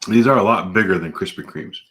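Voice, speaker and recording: A man's voice: deep voice, a little fast, a bit bright, a little hiss or hum. A man in his thirties, a police officer and vlogger, chatting casually at home while eating donuts with his mouth full. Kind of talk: casual vlog, eating challenge.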